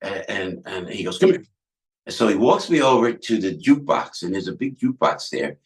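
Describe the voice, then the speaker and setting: An older man with a New Jersey accent, a guest telling animated backstage stories, jumping into character voices as he acts out scenes. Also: a little fast. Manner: lively, acts out other people's lines with big pitch jumps. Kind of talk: animated storytelling.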